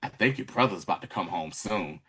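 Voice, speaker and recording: A man voicing a quiet, manipulative middle-aged man in a low, hushed, coaxing tone. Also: expressive, brisk, husky, heavily acted. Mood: menacing.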